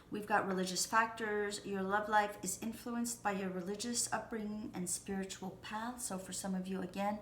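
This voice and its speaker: A woman talks through a tarot reading in a loose, reassuring way, full of fillers and restarts. Her voice sits at an ordinary middle pitch. The room is echoey, with a faint background hiss. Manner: chatty and reassuring, rambling with many fillers and restarts. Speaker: tarot reader. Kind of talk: casual spoken tarot reading. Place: at home.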